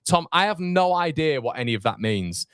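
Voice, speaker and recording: A man's voice: on the high side, very animated, normal speed, fairly bright tone, smooth, dry recording, clean studio sound. A man, hosting a fan watchalong live stream, chatting casually and rambling with fillers as he reads comments. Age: 30s. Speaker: fan channel watchalong host.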